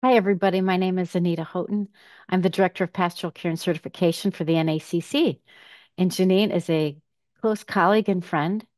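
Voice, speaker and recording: A woman's voice: on the low side, steady tone, quick pace, darkish tone, no room sound. A woman who works as a director of pastoral care records a plain, sincere tribute message.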